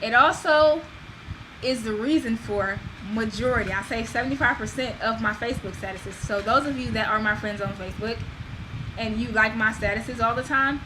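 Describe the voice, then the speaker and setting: A woman vlogger talking casually to the camera, animated and emphatic, with self-deprecating asides. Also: mid-range voice, noisy background.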